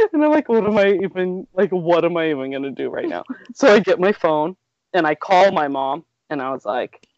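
A woman's voice: on the low side, big pitch swings, normal speed, a little mellow, dry recording. Chatty woman in her thirties, giggly storyteller, lo-fi dry mic. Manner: chatty, laughs through her words, lots of "like". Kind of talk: casual storytelling chat. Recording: dull lo-fi dry recording.

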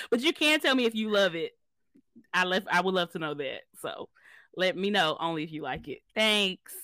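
A woman's voice: mid-range voice, fairly quick, no room sound. A young woman co-hosting a podcast, chatting casually and talking playfully to listeners. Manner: lively, playful, addresses listeners directly. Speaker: podcast co-host. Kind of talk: casual chat.

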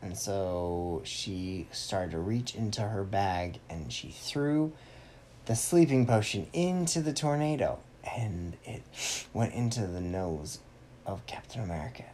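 A man playfully making up a story aloud for a child, animated and teasing. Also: lowish voice, measured pace, slight background noise. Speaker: parent telling a story to a child. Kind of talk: improvised bedtime story.

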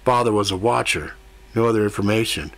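A man's voice: on the low side, a little fast, gravelly, fairly bright tone, no room sound. A man voicing a brash, crude male demon who talks in a cocky, flirtatious way. The reading is an audiobook character voice. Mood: probing.

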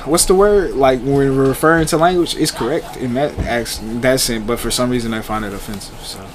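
A man's voice: mid-range voice, fairly quick, a crowd in the background. Laid-back young man, teasing co-host. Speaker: podcast co-host. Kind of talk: casual chat.

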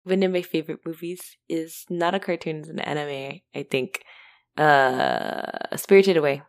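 A young woman co-hosting a casual chat, animated and rambling, often laughing and turning teary. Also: low voice, unhurried, creaky.

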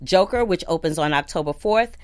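Woman film critic host, deep voice, dry close sound, chatty and casual. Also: lively intonation, a little fast, dry recording. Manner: chatty, warm slang like "y'all" and "girl". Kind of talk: casual film review show.

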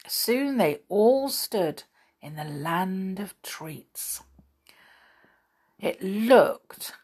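Brief: female storyteller, slow, gentle children's book reading. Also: lowish voice, husky.

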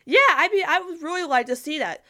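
A woman's voice: high-pitched, a little fast, pushed and bright. A young woman chatting casually as a host, rambling with lots of fillers and restarts while reading viewer comments. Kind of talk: casual fan chat.

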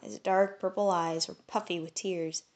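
A woman narrating a first-person fantasy audiobook in a measured, expressive way. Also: on the low side.

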